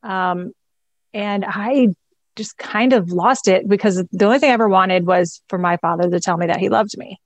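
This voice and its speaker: A woman's voice: mid-range voice, moderate pace, no room sound. A middle-aged woman, a guest in an interview, candidly and reflectively telling a personal story with a laugh now and then.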